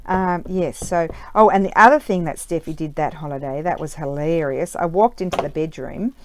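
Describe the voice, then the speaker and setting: A woman's voice: deep voice, moderate pace, background noise. A middle-aged Australian woman talking casually while she crafts, rambling through stories with lots of fillers and restarts. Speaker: craft vlogger.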